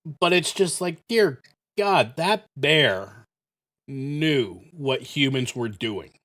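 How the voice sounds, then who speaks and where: Male game host, casual rambling storyteller, salty language, mid-pitched. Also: lively intonation, slow, fairly bright tone. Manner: rambling, profane, heavy use of fillers. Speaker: gaming channel host. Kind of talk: casual storytelling while playing.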